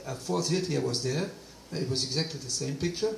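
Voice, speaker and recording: A man giving a personal testimony talk, animated storytelling with quoted dialogue, in a hall. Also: a little high, normal speed, vocal fry, few pauses, a little hiss or hum. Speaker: guest speaker. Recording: roomy distant hall recording, faint ambience.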